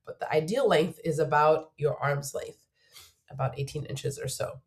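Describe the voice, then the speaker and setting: A woman's voice: sits low, normal speed. A woman job search coach getting over a cold, giving earnest, emphatic advice to camera in a video, repeating her key points.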